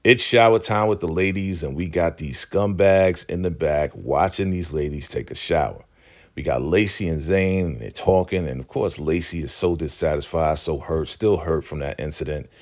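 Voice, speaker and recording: A man's voice: low voice, normal speed. A man casually recapping a TV episode, acting out the characters' lines and laughing often. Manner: retells scenes by acting out dialogue in shifting voices; laughs often, slangy chat. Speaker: recap host.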